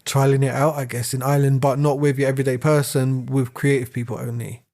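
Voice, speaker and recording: A man's voice: medium pitch, level tone, fast, warm tone. A man, co-hosting a casual podcast, rambling and laughing as he rants. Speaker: podcast co-host. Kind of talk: casual chat.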